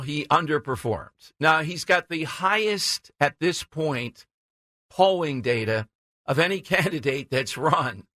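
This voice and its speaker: A man's voice: on the high side, sharp tone, dry recording, clean studio sound. A man hosting a talk radio show, giving brash, opinionated political commentary with chuckling asides.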